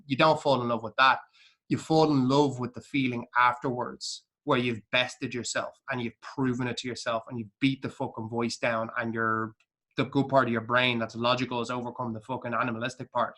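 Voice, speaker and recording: A man's voice: mid-range voice, flat delivery, brisk, pushed and bright. An Irish man co-hosting a casual podcast chat, talking bluntly and intensely with heavy swearing. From Ireland. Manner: intense, motivational. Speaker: podcast co-host.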